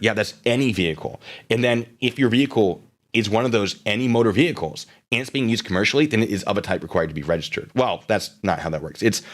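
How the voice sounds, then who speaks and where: A man's voice: fairly low pitch, fairly bright tone. A man hosting a live stream, commenting casually and sarcastically while reading chat messages aloud.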